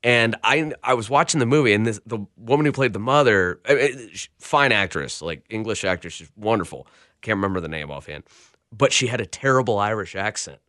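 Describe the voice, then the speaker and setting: A man hosting a casual podcast chat about a film, jokey and animated, often restarting his sentences. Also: fairly low pitch, brisk, no room sound, studio quality. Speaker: podcast host.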